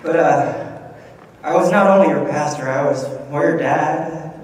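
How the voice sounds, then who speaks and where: A man, a pastor, speaking off the cuff in a halting way, fighting back tears during a farewell in a church hall. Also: a little high. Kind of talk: unscripted farewell speech. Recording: echoey hall from far off, faint noise.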